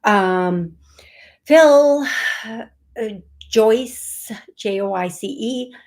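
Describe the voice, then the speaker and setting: Slow-talking woman psychic host. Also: fairly high pitch, lively intonation, a little mellow. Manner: rambling, playful, laughs often, spells names out. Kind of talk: live call-in reading.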